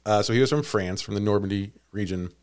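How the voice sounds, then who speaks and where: A man's voice: on the low side, quick pace, clear, resonant tone. A man hosting a comedy podcast, telling a story in playful casual chat and laughing often. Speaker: podcast host.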